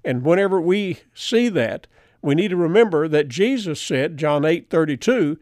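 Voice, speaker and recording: An older man teaching the Bible in an earnest, emphatic way, quoting chapter and verse and slowing down to stress key words. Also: on the high side, animated, darkish tone, dry recording, clean studio sound. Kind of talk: preaching a Bible lesson.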